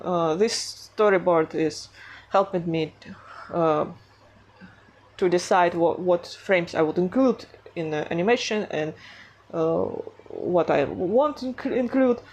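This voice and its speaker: A woman with a non-native English accent talks through her art process in a casual vlog. She speaks slowly and hesitantly, with many fillers and self-conscious giggles. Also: lowish voice, darkish tone. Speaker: animation artist vlogger.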